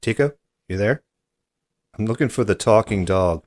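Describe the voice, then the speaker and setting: Brief: very low-voiced man, podcast host, halting and doubtful delivery. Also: animated, darkish tone, dry recording, clean studio sound. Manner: hesitant, stammering, skeptical. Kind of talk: comedy podcast prank call.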